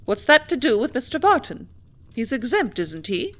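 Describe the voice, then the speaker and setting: A woman voicing a fussy middle-aged widowed mother in an audiobook, pitching her voice higher and exclaiming. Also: big pitch swings, normal speed, fairly bright tone. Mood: fretful. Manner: raised, fretful, exclaiming.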